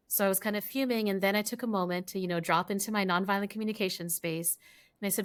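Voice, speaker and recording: A woman's voice: mid-range voice, fairly even intonation, fast, smooth. A woman guest in an interview, explaining ideas and telling stories in a reflective way. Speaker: guest, relationship coach. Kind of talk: interview answers.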